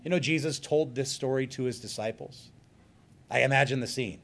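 A male pastor giving an earnest sermon, slowing down to stress key points. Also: medium pitch. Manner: earnest, emphatic preaching with slowed stresses.

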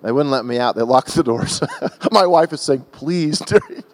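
An American man preaching a sermon to a church, telling a personal story in an emotional, animated way with frequent restarts. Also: medium pitch, moderate pace. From United States. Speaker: guest preacher. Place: large church hall. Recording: long church-hall reverb.

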